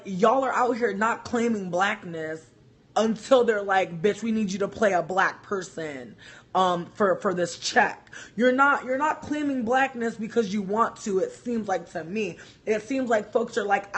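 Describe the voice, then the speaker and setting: A man's voice: high-pitched, fairly bright tone, breathy edge. A man giving a heated, profane opinion rant to camera as a vlogger, repeating himself as he vents.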